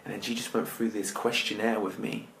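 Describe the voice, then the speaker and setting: Guy with a gravelly voice telling his life story to a crowd, goes real quiet and hushed at times, bit of faint hiss behind. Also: lowish voice, little pitch movement, rough recording. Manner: emotional storytelling with dramatic pauses, dropping to near-whispers. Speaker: motivational speaker. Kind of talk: personal story told to an audience.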